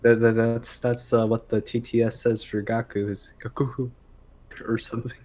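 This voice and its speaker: A man's voice: mid-range voice, flat delivery, moderate pace, darkish tone. A man hosting a casual multiplayer game voice chat, joking and teasing his friends. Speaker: host playing a strategy game.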